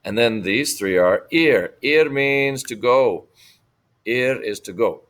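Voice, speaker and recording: A man teaching a recorded Spanish lesson, patiently repeating words slowly for students to copy. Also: medium pitch, lively intonation, a bit bright.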